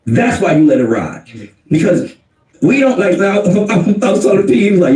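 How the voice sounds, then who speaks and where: A man's voice: high voice, sing-song, moderate pace, a little mellow, far from the mic. A man arguing emphatically in a casual podcast debate, repeating his points for effect. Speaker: podcast co-host in played clip. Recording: roomy, off-mic podcast clip.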